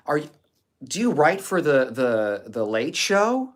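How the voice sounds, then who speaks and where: A man's voice: a little high, big pitch swings, takes it slowly. Sarcastic man teasing chat trolls. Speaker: livestream host. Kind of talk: casual chat reading live comments.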